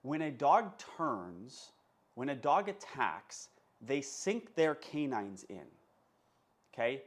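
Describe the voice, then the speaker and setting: Man, dog trainer, casual teaching talk, emphatic, checks in with listeners, mid-range pitch. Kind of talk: casual instructional monologue.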